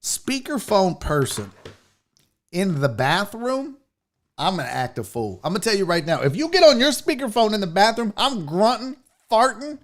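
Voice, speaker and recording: A man's voice: high voice, normal speed. A man hosting a casual show, ranting comically and profanely about pet peeves while reading viewer comments. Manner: profane, exasperated, animated storytelling. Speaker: show host.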